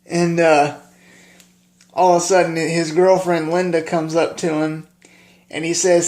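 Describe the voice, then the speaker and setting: Man, somewhat high voice, casual vlog, halting delivery, many filler pauses, earnest. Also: little pitch movement, darkish tone. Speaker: vlogger. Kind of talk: casual talk about a favorite film.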